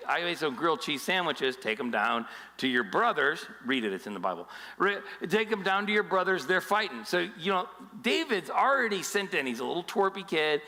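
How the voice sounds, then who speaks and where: A male pastor preaching a sermon in a lively, joking storytelling style. His voice is bright and fairly high for a man. It carries a long reverb from a large hall.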